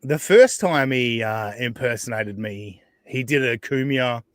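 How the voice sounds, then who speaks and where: A man's voice: mid-range voice, measured pace, no room sound, studio quality. An Australian man hosting a podcast, chatting casually with sarcastic asides, frequent laughs and swearing. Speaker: podcast host. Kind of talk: casual chat.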